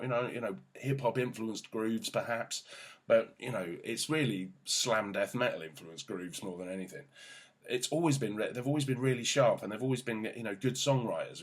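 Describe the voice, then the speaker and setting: A man's voice: fairly low pitch, breathy edge. A man hosting a casual album review, rambling, enthusiastic and sweary. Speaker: music journalist host.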